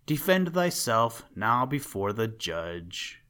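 A man's voice: mid-range voice, very animated, takes it slowly, pushed and bright, full character voice. A man reading the lines of a stern, solemn king in a storybook tale. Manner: stern, formal questioning.

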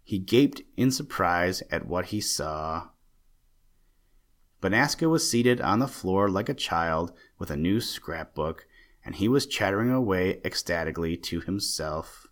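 A man narrating an audiobook in a steady, plain storytelling manner. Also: sits low, unhurried.

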